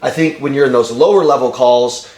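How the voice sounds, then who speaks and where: A man's voice: mid-range voice, brisk, darkish tone. Casual man chatting in echoey room. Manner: casual, lots of filler words. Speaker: sales team member. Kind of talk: casual chat. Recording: echoey room, faint background noise.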